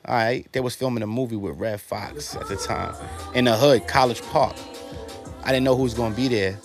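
A man, a guest telling rough, profane stories in casual talk and acting out the other voices. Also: mid-range voice, fairly quick, over music. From New York. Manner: animated, profane, acts out quoted dialogue. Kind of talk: casual storytelling.

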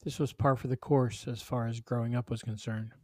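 A man's voice: medium pitch, fairly even intonation, fairly quick, warm tone, dry recording. Man reading a story aloud, dry sound.

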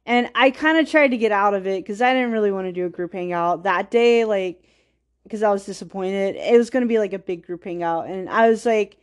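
Speaking briskly at a medium pitch, the woman hosting this podcast drifts casually through a story from her own life. "Like" crops up constantly, and she punctuates it with rueful, wistful laughter at her own expense.

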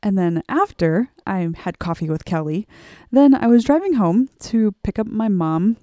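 A woman's voice: medium pitch, lively intonation, normal speed, mellow, no room sound, studio quality. A woman in her late thirties from Arkansas, chatting casually and upbeat on her solo podcast, talking straight to her listeners. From Arkansas, USA. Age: late 30s. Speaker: podcast host.

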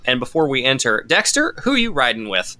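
Game master, male, lively and bright, loose and joking. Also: medium pitch, a little fast. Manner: joking, loose casual talk. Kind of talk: running a tabletop game with friends.

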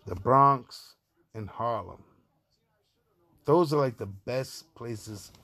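New York man, podcast host, gravelly, profane street-talk monologue. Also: mid-range voice, very slow, bright, forceful tone. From Far Rockaway, Queens, New York. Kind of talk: casual opinion monologue.

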